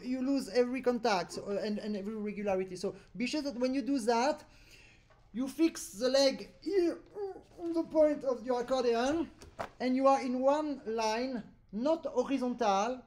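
A man's voice: very high-pitched, moderate pace, a little mellow, soft background music. A man teaching accordion in a remote lesson, correcting a student and singing rhythms on syllables, in non-native English. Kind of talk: remote music lesson coaching.

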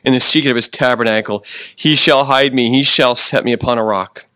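A pastor preaching a sermon, often slowing down for emphasis and restarting his sentences. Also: medium pitch, fairly bright tone, no echo. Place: church.

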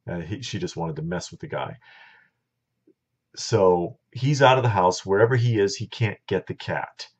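A man's voice: deep voice, normal speed, breathy edge. A middle-aged man telling a story in a casual, blunt, opinionated monologue, talking straight to his viewers. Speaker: vlogger. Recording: dull lo-fi recording.

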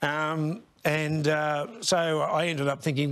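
A man, a comedian telling a casual anecdote with animated voices. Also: on the high side, normal speed. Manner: animated storyteller, does voices, laughs.

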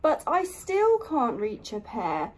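A woman voicing an eager hare from a picture book, in a lively, emphatic read-aloud voice. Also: fairly high pitch, takes it slowly, exaggerated voice. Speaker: storytime reader.

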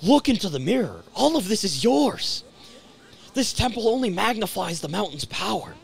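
A man voicing a cruel, mocking dark twin of a young woman in a video game, with a taunting surfer drawl. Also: high voice, sing-song, moderate pace, vocal fry, breathy edge, voice pushed up, heavily acted. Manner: sneering, taunting line reading, surfer drawl.

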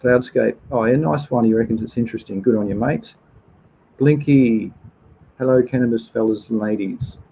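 A man's voice: mid-range voice, normal speed, vocal fry, mellow, slight background noise, poor audio. A man with an Australian accent hosting a casual livestream, reading out viewer comments and answering questions in an informal, chatty way. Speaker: livestream host.

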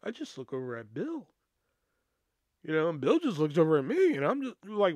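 A man telling stories on his podcast in a loose, profane, laid-back way, laughing as he goes. His voice sits somewhat high for a man, and the recording is dry and close with no room sound. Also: wildly swooping pitch, brisk, no echo. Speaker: podcast host. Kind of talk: casual storytelling.

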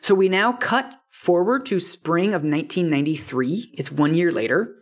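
A woman's voice: on the low side, moderate pace, husky. A woman hosting a podcast, retelling a memoir in casual chat with lots of "like" fillers. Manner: chatty, retells a book with many "like" fillers. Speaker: podcast host. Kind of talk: casual conversational storytelling.

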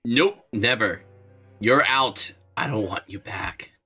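A man's voice: lowish voice, takes it slowly, sharp tone, husky, soft background music. A young man streaming a game readthrough, chatting casually with a sarcastic, jokey manner and some swearing. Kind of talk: casual gaming commentary.

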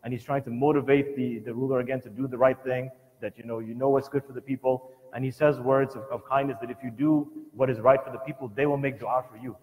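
A man's voice: medium pitch, fairly even intonation, quick pace, few pauses, a little mellow. A man giving a religious lesson at a family program, telling the story earnestly and emphatically, often restarting his sentences. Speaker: lecturer at a community family program. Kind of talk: religious lesson retelling a scholar's life. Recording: long hall reverb.

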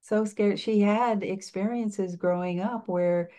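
An older woman speaking coach answering interview questions in a reflective, halting way, with frequent restarts. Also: mid-range voice, fairly even intonation, mellow.

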